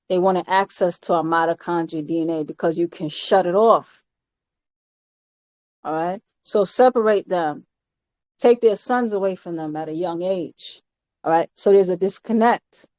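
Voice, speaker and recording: A woman giving an informal doctrinal teaching. She is emphatic and halting, with many fillers and repeated words, and often ends her points with "all right?". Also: fairly low pitch, darkish tone, no room sound. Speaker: spiritual teacher. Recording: dull, lo-fi, dry recording.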